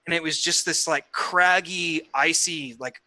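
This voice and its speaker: Excitable guy player, super bright voice, kinda high, rambles and stumbles. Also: a little slow, dry recording. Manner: eager, rambling, trips over words. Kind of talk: excited post-session chat.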